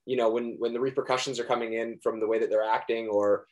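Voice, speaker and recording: A man's voice: medium pitch, little pitch movement, fast talker. A young man, an actor being interviewed, talking earnestly in a rambling way with many restarts. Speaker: actor guest. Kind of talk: casual interview chat.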